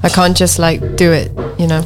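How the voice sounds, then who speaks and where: A woman's voice: fairly low pitch, little pitch movement, normal speed, loud music behind the voice. A woman chatting casually on a radio show, in a light, friendly way. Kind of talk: casual chat.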